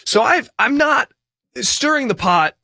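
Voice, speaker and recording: A man's voice: very high voice, lively intonation, unhurried, creaky, pushed and bright, dry recording, studio quality. A man, a pastor co-hosting a podcast, talking in a reflective way with frequent restarts. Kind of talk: casual podcast discussion.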